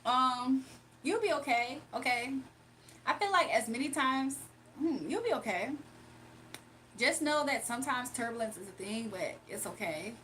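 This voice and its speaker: Early in the morning at home, a woman hosts a casual livestream, reading viewers' chat aloud, answering them directly and laughing often. Her fairly high voice is expressive, bright and forceful, a little slow, with a slight hiss or hum in the audio.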